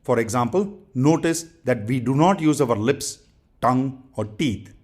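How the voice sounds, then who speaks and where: A man teaching English pronunciation, saying each practice word twice in a deliberate, instructional way. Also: mid-range voice, lively intonation, a little mellow. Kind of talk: slow instructional drilling.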